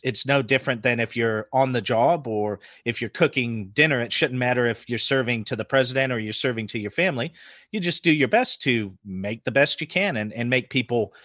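A man in his forties from the United States with an American accent softened by New Zealand, chatting casually as a podcast guest and laughing often. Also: mid-range voice, no echo, studio quality. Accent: American with New Zealand influence. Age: 40s. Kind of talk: casual chat.

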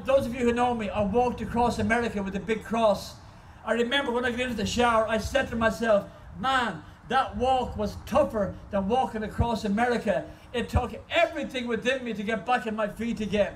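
High-voiced man preaching outdoors. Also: a bit bright, far from the mic, a little hiss or hum, low-quality recording. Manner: impassioned storytelling preacher. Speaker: guest preacher. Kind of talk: sermon. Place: outdoor car park service.

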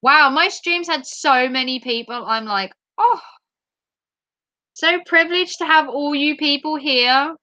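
A lively woman from Norfolk talks to her viewers on a casual live stream. Her voice is bright and a little high, and she is playful and chatty. The sound is close and dry, slightly dull at the top. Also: unhurried, no room sound. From Norfolk, England.

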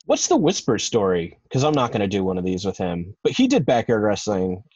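A man's voice: lowish voice, wildly swooping pitch, a little fast, a little mellow, slightly rough, dry recording. A man hosting a podcast interview, asking questions and thinking aloud in a rambling way. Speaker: podcast host and wrestling promoter. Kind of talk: casual interview. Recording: dull, dry lo-fi sound.

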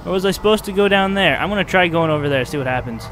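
A man commentating his playthrough of a game, excitable, swinging from muttering to yelling. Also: high voice, racing, hardly any pauses. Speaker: gaming video host. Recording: music from the game behind the voice.

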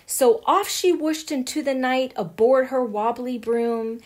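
A woman reading a rhyming picture book aloud in an unhurried, sing-song delivery. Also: sits high. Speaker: storyteller.

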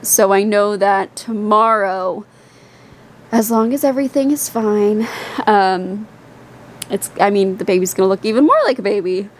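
A woman's voice: medium pitch, measured pace, a little hiss or hum. A young woman vlogging casually to camera, chatty and candid, with a rambling, open way of talking. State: tired and queasy, out of breath.

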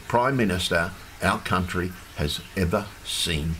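Australian male protester, low-voiced angry home rant, fish tank hum behind. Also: expressive, moderate pace, fairly bright tone. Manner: angry, ranting, swears.

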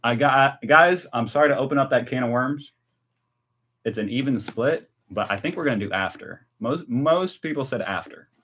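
An American man chatting casually and excitedly on a live stream while tasting snacks. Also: mid-range voice, moderate pace, husky. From United States. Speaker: vlogger.

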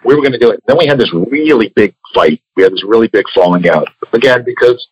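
A man's voice: fairly low pitch, lively intonation, fast, husky, no echo. An older man, a comics artist and former editor, talking candidly in an interview, swearing freely and telling stories. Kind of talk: casual interview talk. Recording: dull lo-fi audio.

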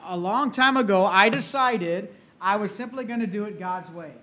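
A man's voice: high voice, normal speed, a bit bright. A grandfatherly man with a Southern US accent, preaching a sermon in a folksy, earnest way with many restarts. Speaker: pastor.

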